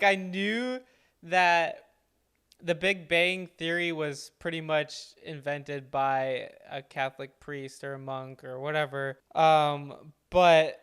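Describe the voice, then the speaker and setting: A young man reacting to a video with gushing, excitable commentary. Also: on the high side, clean tone. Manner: excitable, gushing, exclaims loudly. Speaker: channel host reacting to clip.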